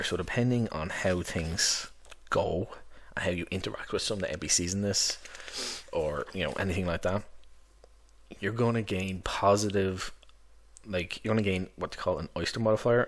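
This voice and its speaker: A man with a very low, deep voice talks through his favourite tabletop books in a loose, rambling way. He keeps it casual and chatty, with plenty of fillers and asides. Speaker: tabletop game master reviewing books. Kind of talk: casual rambling book review.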